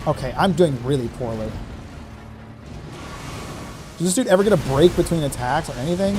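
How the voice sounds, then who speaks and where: Slightly high-pitched yet darkish in tone, this man's animated voice moves at a moderate pace with long pauses as he streams a tough game. Game music plays while he vents, swears and talks to himself about his play.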